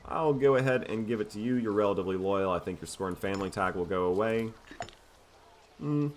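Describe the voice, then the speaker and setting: Man, low voice, relaxed wry let's-play commentator, slight hiss behind. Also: brisk. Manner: relaxed, wry, self-mocking. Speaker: gameplay commentator.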